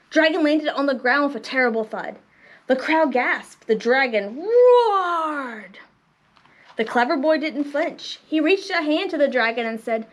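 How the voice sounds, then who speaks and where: A woman librarian reading picture books aloud to preschool children in an expressive storytelling manner. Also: high voice.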